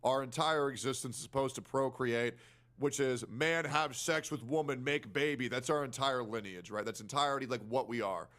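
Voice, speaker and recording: Man, played clip, casual argument, rambling, mid pitch. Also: normal speed, fairly bright tone. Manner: rambling, repeats "right?".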